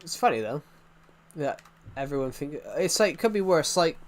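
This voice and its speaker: A man's voice: a little high, animated, normal speed, a little hiss or hum. A young man chatting casually while livestreaming a game, rambling and poking fun at himself. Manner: rambling, self-mocking, easily sidetracked. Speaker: gaming livestreamer.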